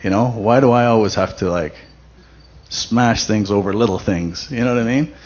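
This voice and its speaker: Low-voiced man giving a church testimony. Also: moderate pace, darkish tone. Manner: conversational, many fillers and restarts. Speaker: testimony speaker at a church event. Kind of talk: personal testimony. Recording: dull lo-fi recording with faint noise.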